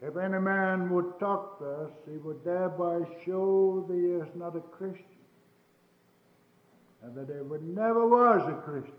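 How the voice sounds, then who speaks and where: A man preaching a sermon, emphatic and repetitive, rising to fervent peaks and pausing with fillers between points. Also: high-pitched. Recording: tinny lo-fi old sermon tape, roomy.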